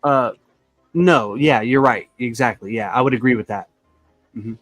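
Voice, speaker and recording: A man's voice: mid-range voice, normal speed, fairly bright tone, dry recording, soft background music. A man arguing his point in a live debate, blunt and insistent. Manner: blunt, insistent, explains at length. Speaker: debate caller. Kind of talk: argumentative debate.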